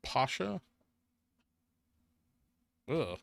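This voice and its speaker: A man's voice: mid-range voice, expressive, a little slow, sharp tone. A man hosting a casual stock market livestream, answering chat and thinking aloud over charts in an offhand, muttering way.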